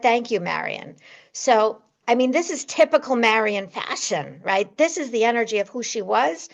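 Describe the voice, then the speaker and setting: A woman telling stories on a podcast as a guest medium, animated, her voice jumping high when she relives moments. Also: gravelly. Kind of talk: storytelling in a podcast interview.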